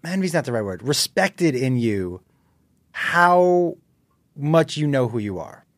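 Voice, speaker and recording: A man's voice: mid-range voice, sing-song, takes it slowly, no echo. A male comedian guest talking earnestly, often stopping to correct his choice of words. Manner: earnest, searches for words, restarts sentences. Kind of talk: casual chat.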